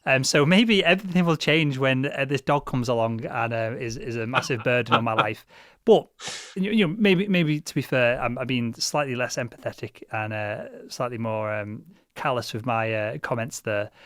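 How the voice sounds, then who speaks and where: A man's voice: medium pitch, moderate pace, a bit bright, dry recording, clean studio sound. A young man hosting a podcast, chatting casually with lots of restarts and fillers. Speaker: podcast host. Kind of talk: casual chat.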